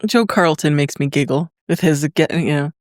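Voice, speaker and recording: A woman's voice: low-pitched, darkish tone, dry recording, studio quality. A woman co-hosting a book podcast, reading a chapter summary and then chatting with giggles. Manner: giggly, quick to correct others. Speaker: podcast co-host. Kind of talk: reads chapter summary, then casual chat.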